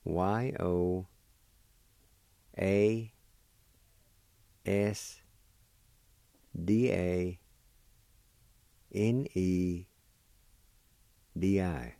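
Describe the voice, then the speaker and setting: A man teaching a language lesson, spelling and pronouncing words slowly and patiently, letter by letter. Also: low-pitched, fairly even intonation, creaky, mellow, clean tone, no echo. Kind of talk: slow spelling and pronunciation lesson.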